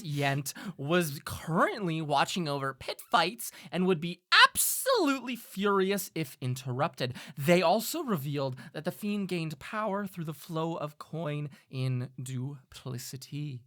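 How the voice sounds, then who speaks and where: A man's voice: on the high side, measured pace, hardly any pauses. A man hosting a tabletop game podcast as dungeon master, reading an ad and recapping the last session with frequent laughter. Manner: lively, laughing often.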